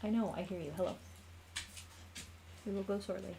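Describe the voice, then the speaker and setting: A woman's voice: mid-range voice, fairly even intonation, moderate pace, creaky, background noise. An American woman streaming casually at home, chatting and laughing with viewers and her pets while she draws a map. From United States. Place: home room.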